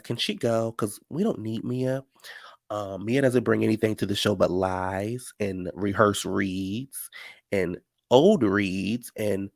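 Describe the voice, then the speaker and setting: A man's voice: on the low side, vocal fry, dry recording. Sassy gossiping man recapping reality TV. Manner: sassy, gossipy, animated storytelling with "honey" and "child". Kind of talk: casual recap commentary.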